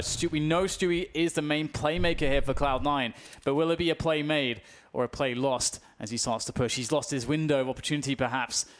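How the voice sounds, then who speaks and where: A British man commentating a competitive match live, his voice sitting at an ordinary middle pitch. He tracks the action steadily and erupts into excited calls when the fighting breaks out. A faint hiss sits underneath. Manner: measured, surging to excited yells on big plays. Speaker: esports commentator.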